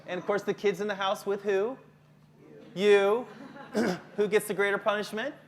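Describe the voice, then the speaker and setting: The counselor's voice is high but barely moves in pitch, and his pace is normal. This middle-aged man keeps his live workshop for teachers joking and conversational, regularly quizzing the audience.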